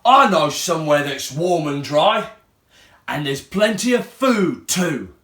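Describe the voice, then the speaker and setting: A man's voice: on the high side, very animated, slow pace, a bit bright, full character voice. Man doing a growling, boastful monster leader. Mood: scheming. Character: scheming, boastful male monster mug leader. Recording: roomy room echo.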